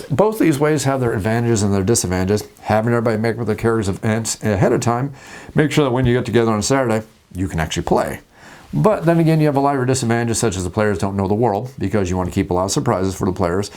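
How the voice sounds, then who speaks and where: Fast-talking, jokey male game host. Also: lowish voice. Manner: animated and jokey, acts out table scenes. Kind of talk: casual talk about tabletop games.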